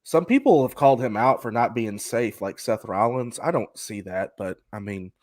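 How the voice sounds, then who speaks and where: A man's voice: medium pitch, lively intonation, normal speed, darkish tone, no room sound. Male co-host, casual chat, rambles and restarts, dry close sound. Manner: rambling, hesitant, many restarts. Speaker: podcast co-host.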